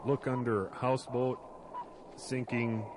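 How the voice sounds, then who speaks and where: A man's voice: medium pitch, level tone, takes it slowly, background noise, close to an everyday voice. A man playing a bumbling Canadian navy sidekick in a comedy radio drama, with a Canadian accent and a folksy "eh" habit. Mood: goofy. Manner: folksy, ends lines with "eh".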